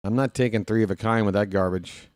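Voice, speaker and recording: A man's voice: on the low side, steady tone, fast, darkish tone, no room sound. A man hosting a live stream, chatting casually and trash-talking his opponent in a playful way.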